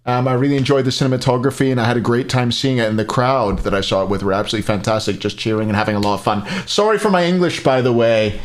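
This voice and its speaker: A man's voice: mid-range voice, very fast, few pauses, voice pushed up, natural voice. A man impersonating an overly humble German adult who praises a film and keeps apologizing for his English. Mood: chirpy apologetic. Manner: exaggerated upbeat politeness.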